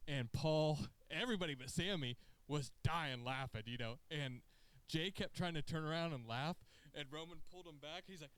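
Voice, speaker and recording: A man co-hosting a podcast, chatting casually and retelling stories in a rambling, animated, profane way. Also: fairly high pitch, moderate pace, few pauses, clear, resonant tone, no echo. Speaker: podcast co-host. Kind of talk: casual chat, excited storytelling. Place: podcast studio.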